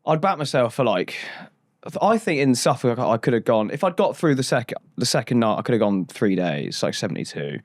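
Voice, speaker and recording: A man chatting as a podcast guest and ultrarunner, animated and quick to laugh. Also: medium pitch, dry recording, clean studio sound. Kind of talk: casual chat.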